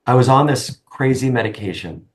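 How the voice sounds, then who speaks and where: A middle-aged man, a guest in an interview, speaking earnestly with halting restarts. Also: medium pitch, animated. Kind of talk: conversational interview.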